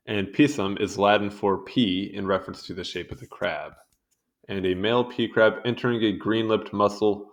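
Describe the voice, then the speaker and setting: A young man with a fairly low voice reads through an encyclopedia page in a loose, casual way. He keeps wandering off into amused side comments. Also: fairly bright tone. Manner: rambling, easily sidetracked, amused asides. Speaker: video host reading a wiki article. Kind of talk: casual read-along commentary.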